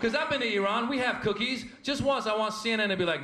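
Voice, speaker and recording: A man's voice: extremely high pitch, fast talker. A man performing a stand-up routine on stage, punchy and rising to bursts of emphasis. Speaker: stand-up comedian. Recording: echoey club recording with loud noise.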